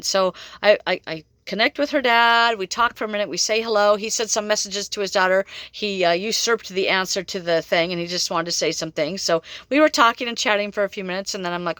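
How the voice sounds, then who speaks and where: Chatty psychic woman, bright voice. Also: mid-range voice, dry recording. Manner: chatty, rambling, laughs often. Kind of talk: casual storytelling monologue.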